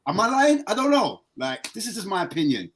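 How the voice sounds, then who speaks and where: A man with a husky voice talks a little fast as a football fan guest on an informal podcast. Animated and excitable, he hits higher notes when he gets worked up.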